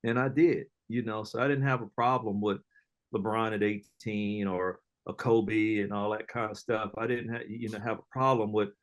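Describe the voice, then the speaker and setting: A middle-aged man, an entrepreneur guest, telling casual stories in an animated, slangy way, often acting out other people's lines. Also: on the low side, normal speed, muffled recording. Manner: animated storyteller, slangy, acts out quoted voices, laughs often. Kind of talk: casual storytelling interview.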